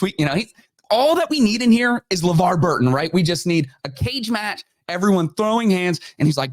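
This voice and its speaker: A man's voice: sits high, moderate pace, no echo. A man hosting a podcast, giving casual, mocking commentary and acting out the quotes he retells. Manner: animated, mocking, acts out quotes. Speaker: podcast host.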